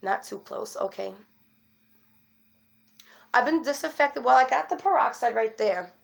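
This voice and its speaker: A woman's voice: fairly high pitch, lively intonation, measured pace, vocal fry. A woman chatting casually to camera as a vlogger, rambling with fillers and restarts, worried and frustrated.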